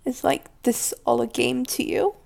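A woman's voice: on the high side, moderate pace, creaky, a little mellow. A woman voicing a possessive, volatile woman who scolds the listener as her pet in an audio role-play, domineering and scornful, dropping at times into whispers.

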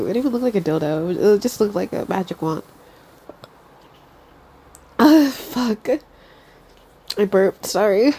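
A woman's voice: medium pitch, mellow. A young woman with a stuffy nose chatting casually to her listeners, giggly and swearing freely.

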